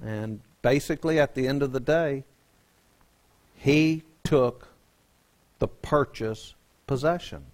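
A man's voice: medium pitch, slow pace, pauses often. A man, a pastor telling a joking, folksy story in a sermon.

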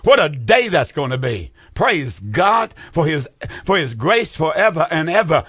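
A man's voice: a little high, very animated, a little slow, fairly bright tone, breathy edge, dry recording. Fervent preacher man, dry sound. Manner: fervent preaching with repeated rhetorical questions. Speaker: pastor. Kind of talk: radio call-in sermon.

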